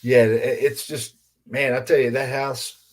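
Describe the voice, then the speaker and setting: A man's voice: mid-range voice, little pitch movement, a little slow. A man hosting a podcast in casual chat, emphatic and heavy on swearing and exclamations. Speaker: podcast host.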